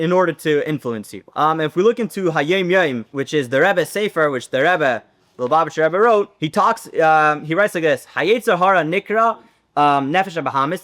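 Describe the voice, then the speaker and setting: A man teaching a Torah class, telling a story with lively acted-out dialogue. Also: fairly high pitch. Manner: animated storyteller, acts out dialogue.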